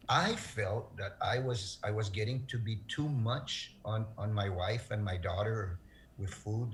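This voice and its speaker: A middle-aged man speaking as an interview guest, telling a personal story in an earnest, halting way, his voice breaking with emotion. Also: medium pitch, a bit bright, slight background noise.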